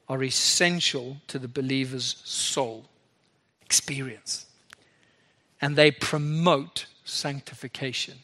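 A man preaching a sermon, swinging between loud emphasis and soft, low asides. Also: fairly even intonation, slow pace.

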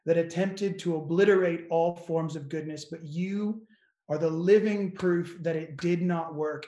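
A man guest on a faith-based podcast, speaking emphatically and slowing down for solemn lines of a blessing. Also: on the high side, steady tone, warm tone, reverberant.

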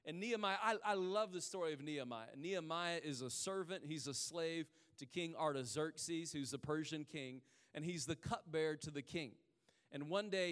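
A man preaching a sermon in a casual, storytelling way, slowing down hard on key phrases. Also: sits high, clean tone, long reverb tail. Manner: conversational storytelling, drawn-out emphatic pauses. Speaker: pastor.

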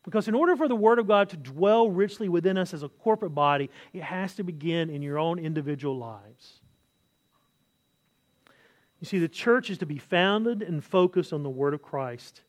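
A man's voice: high-pitched, animated, moderate pace. A married man preaching a sermon as pastor, earnest, repeating key phrases and often restarting his sentences. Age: adult, married.

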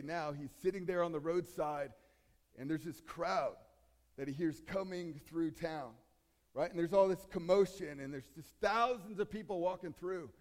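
A man's voice: a little high, a little mellow. A male pastor giving a conversational sermon and now and then acting out the voices in the story. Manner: conversational preaching, acts out voices. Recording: long hall reverb.

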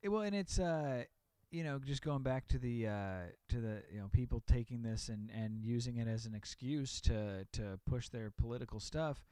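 Podcast guy, hesitant restarts, lots of um and uh, warm voice. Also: medium pitch, moderate pace, clean tone, no room sound. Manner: self-deprecating, hesitant restarts with fillers. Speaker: podcast co-host. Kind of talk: casual chat.

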